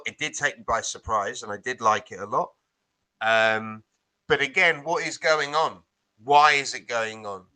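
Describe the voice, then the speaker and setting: A man co-hosting a film podcast, rambling and animated as he retells scenes, with casual swearing. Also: medium pitch, no room sound. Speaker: podcast co-host. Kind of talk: casual film-review chat.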